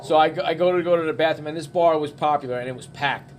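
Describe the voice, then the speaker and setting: A middle-aged man spins a casual, swear-laden story at a bar, acting out every quoted line with gusto. His voice sits a little high for a man, with a faint hum of noise underneath. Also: fast. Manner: animated, profane, acts out quotes. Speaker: bar patron telling a story.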